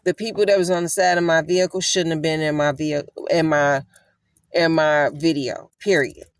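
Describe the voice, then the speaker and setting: Sitting in her vehicle, a woman hosts a casual online Bible study, recording on her phone camera. Her deep voice has fairly even intonation and a normal speed with no echo, and she sounds irritated, repeating herself.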